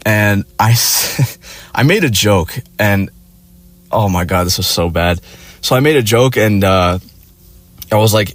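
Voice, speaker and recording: A man's voice: on the low side, measured pace, pauses often, no echo. A young man telling a personal story in a crude, profane, rambling way, with lots of fillers. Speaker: vlogger. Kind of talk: casual storytelling.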